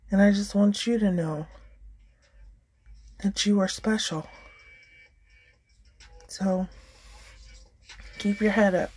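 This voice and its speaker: Woman host, slow and rambling, encouraging, faint music behind. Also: medium pitch, poor audio. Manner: warm, encouraging, rambling with many fillers. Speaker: podcast host. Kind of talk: casual heartfelt talk.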